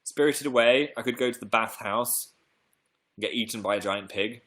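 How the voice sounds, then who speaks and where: A man's voice: mid-range voice, moderate pace, sharp tone. A young man from England hosting a casual live stream, rambling playfully and reading out viewer comments. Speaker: livestream host. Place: home room.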